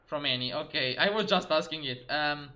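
Bright-voiced male game streamer. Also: on the high side, moderate pace. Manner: chatty, exclaiming at the game, talking to chat. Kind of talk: live game stream commentary.

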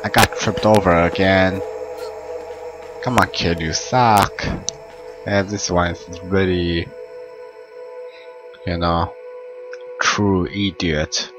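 Young man, low voice, slow talker, excitable gaming commentary, game music behind. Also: rough recording. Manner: excitable, swears, broken English. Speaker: gameplay commentator. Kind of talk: let's play commentary.

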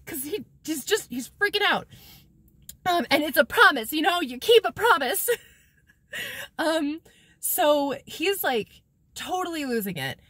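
A woman with a high voice that swoops up and down, recapping an old novel for her camera in a loose, rambling way. Her humor is sarcastic, and she giggles and swears casually. The sound is close and dry, with no room around it. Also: lively intonation, a little slow, pauses often, fairly bright tone, no room sound. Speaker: book vlogger. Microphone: camera mic, talking to a camera viewfinder.

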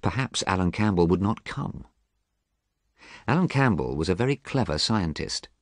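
A man reading a story aloud clearly and expressively for English learners. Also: sits low, sing-song, normal speed, no echo, clean studio sound.

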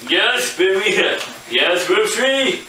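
High, slow, bright-voiced playful young man. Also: slight background noise. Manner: playful, excitable, bursts of shouting. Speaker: puppet skit creator. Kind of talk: improvised toy puppet skit. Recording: echoey room, mic far off.

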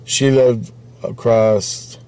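A man's voice: medium pitch, flat delivery, drawn-out words, mellow, clean tone. A man casually telling a rambling story about a friend, repeating himself and swearing freely. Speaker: vlogger.

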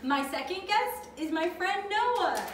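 A woman hosting a children's church program with an animated, sing-song delivery. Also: very high-pitched, slow. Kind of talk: bright kids' show hosting. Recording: roomy and distant with background noise.

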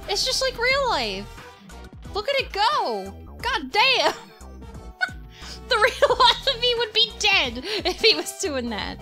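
A woman streamer giving live gameplay commentary, giggling often, swearing and reacting loudly to the game. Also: extremely high pitch, sing-song, slow, soft background music.

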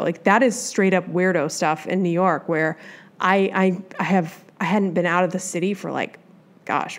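A woman from the Midwest hosting a solo advice podcast, talking in a chatty, rambling way with lots of asides. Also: fairly low pitch. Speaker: podcast host.

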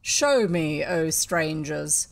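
A woman reading aloud, voicing a haughty male Pharaoh who gives slow, drawn-out commands. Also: low-pitched, animated, gravelly, voice pushed down, heavily acted. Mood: commanding.

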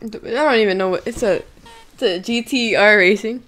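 A young woman streaming a game with a friend, loud and giggly, shrieking one moment and mumbling low the next. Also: normal speed. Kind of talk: casual gaming stream chat.

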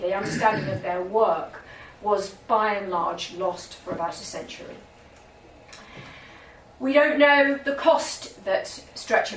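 British woman historian, lecture voice, heard from a distance in a reverberant museum room. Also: mid-range voice. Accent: British English. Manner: storytelling, warm asides and self-corrections. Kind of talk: public lecture with anecdotes. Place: museum gallery. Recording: echoey room, distant mic, faint noise.

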